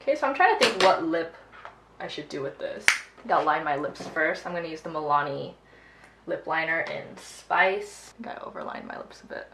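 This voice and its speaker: Young woman, lowish voice, casual makeup chat, swears a lot, roomy echo. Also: sing-song, moderate pace, gravelly, heavy background noise. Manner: chatty, swearing storytelling. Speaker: beauty vlogger. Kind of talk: casual get-ready-with-me chat.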